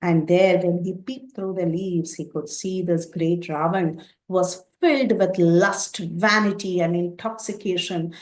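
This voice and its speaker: A woman teaching a scripture class, retelling the story with explanatory asides. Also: lowish voice. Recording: echoey room.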